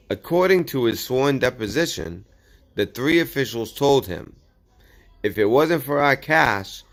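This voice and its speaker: This political commentary channel host, a man with a voice on the low side, reads news articles aloud. He interrupts them with sarcastic asides and sometimes stumbles over words.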